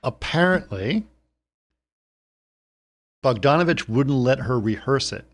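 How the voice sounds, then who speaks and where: A man's voice: medium pitch, lively intonation, slow pace. A man co-hosting a film podcast, chatting casually and adding trivia. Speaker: podcast co-host.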